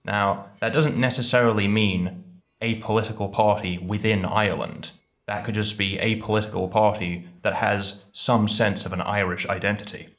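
A man's voice: lowish voice, fairly even intonation, moderate pace, a bit bright. A man from England making a playful, cheeky argument on a casual podcast quiz. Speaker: podcast guest, quiz player.

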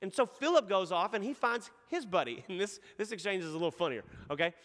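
A man's voice: high voice, lively intonation, fast, fairly bright tone, long reverb tail. A man from East Texas with a Texan accent, preaching a sermon in a casual storytelling way and joking with the congregation. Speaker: pastor.

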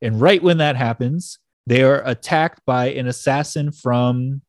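A man in a relaxed, chatty recap, loose and profane, laughing now and then. His voice sits at an ordinary middle pitch. The sound is dry and close, with no room echo. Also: a little slow. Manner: loose, profane retelling with frequent laughs and fillers. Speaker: podcast host recapping a comic issue. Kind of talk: casual chat.

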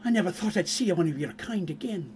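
A man's voice: high-pitched, animated, fast, darkish tone, slight background noise. A man voicing a devout male dwarf paladin who speaks in an earnest, fatherly way.

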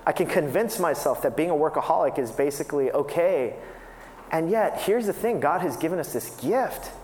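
A man in his thirties preaching in a conversational, self-deprecating way, with a slightly high voice. He acts out the people he quotes as he goes. The sound is roomy, with a long reverb tail from a large hall. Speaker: pastor. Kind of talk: sermon.

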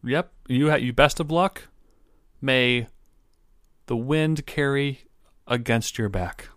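A man's voice: mid-range voice, slow pace, fairly bright tone, clear, resonant tone, dry recording, studio quality. A man voicing a meek male tavern keeper who politely defers and calls customers sir.

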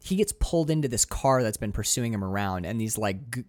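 Excited rambling man talking movies. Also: lowish voice, brisk, no echo, clean studio sound. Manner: enthusiastic, rambling, frequent restarts and swearing. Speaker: podcast co-host. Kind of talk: casual film discussion.

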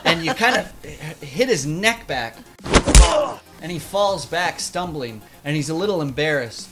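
A man's voice: fairly high pitch, lively intonation, measured pace. A man narrating a tabletop game as game master, vivid and playful, laughing between beats.

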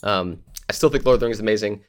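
A man's voice: lowish voice, racing, clear, resonant tone. Man ranting bluntly, laughing. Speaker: podcast co-host. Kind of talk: casual chat.

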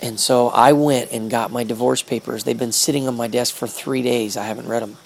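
A man telling a personal faith testimony in an earnest, halting way, repeating words and drawing out slow phrases. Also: mid-range voice, fairly even intonation, vocal fry. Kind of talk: emotional personal testimony storytelling.

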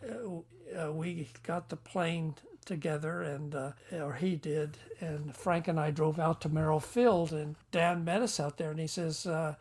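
A man's voice: on the high side, unhurried. Older man rambling through an anecdote. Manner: rambling, chuckling, acts out quoted dialogue. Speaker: guest, book author. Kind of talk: storytelling anecdote.

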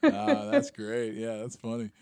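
A host in a casual interview, asking questions in a relaxed way with many hesitant fillers. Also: medium pitch, a little slow, no echo.

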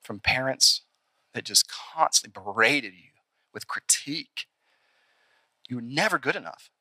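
A young adult man preaching a sermon in an animated, conversational way, acting out little scenes along the way. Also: medium pitch, unhurried, no echo. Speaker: pastor.

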